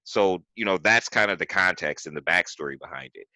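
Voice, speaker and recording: A man with an extremely low voice that still has a bright edge, talking through a story in a loose, rambling way. He keeps restarting sentences and padding them with "you know." The sound is dry and close. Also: fairly quick, no echo, poor audio. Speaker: podcast host. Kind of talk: casual political discussion.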